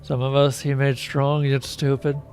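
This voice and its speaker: A man voicing a dull, unshaven man in a role-playing game, talking in a boring monotone. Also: mid-range voice, normal speed, soft background music, natural voice. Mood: droning.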